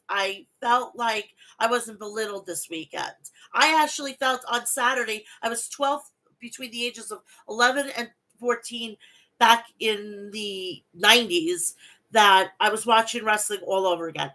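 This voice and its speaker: Bright-voiced woman hosting a wrestling podcast. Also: on the high side, a little slow, low-quality recording. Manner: blunt, swears freely, gets emotional. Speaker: podcast host. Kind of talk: casual wrestling podcast chat.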